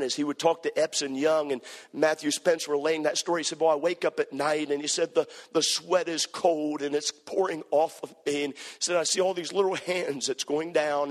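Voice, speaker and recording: A man preaching a sermon, telling a story with impassioned, repetitive phrasing that builds to near-shouted climaxes. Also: fairly high pitch. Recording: long hall reverb.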